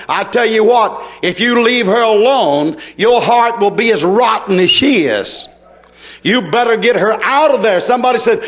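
High-voiced fiery preacher. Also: male voice, animated, moderate pace. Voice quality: folksy, emphatic, swinging between soft asides and forceful declarations. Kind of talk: fiery sermon.

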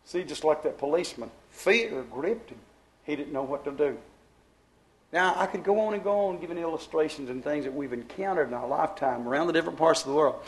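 A male preacher delivering a sermon through stories and warnings. His voice sits a little high and his talk is plain and folksy. He pushes hard on key words, then sinks suddenly to a quiet undertone. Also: lively intonation, brisk, low-quality recording. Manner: emphatic, folksy preaching with dramatic drops in volume. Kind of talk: fervent storytelling sermon.

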